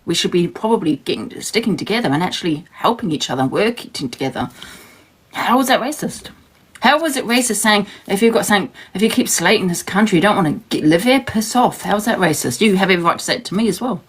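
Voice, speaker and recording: A woman's voice: medium pitch, lively intonation, fast, slightly rough. A woman from New Zealand chatting casually on a livestream, rambling and defensive and laughing often. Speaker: livestream host.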